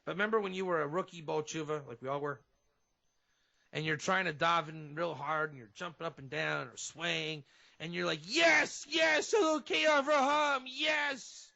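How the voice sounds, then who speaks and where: High bright-voiced rabbi on radio. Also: male voice, normal speed, gravelly. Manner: animated explainer, acts out fervent prayer. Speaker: rabbi, guest. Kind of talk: radio interview, teaching. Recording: dull lo-fi radio audio.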